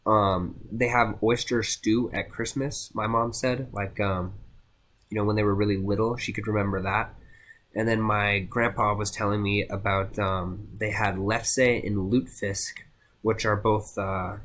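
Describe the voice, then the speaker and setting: A young man giving a casual class presentation, halting with many fillers and restarts. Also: lowish voice, fairly even intonation, fairly bright tone. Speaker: student presenter.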